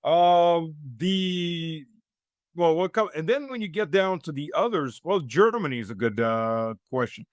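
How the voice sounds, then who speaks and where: A man's voice: fairly high pitch, animated, a little slow, no echo, studio quality. A man raised in the United States, a guest giving political commentary in an interview, talking in long rambling runs full of fillers and restarts, with a sarcastic edge.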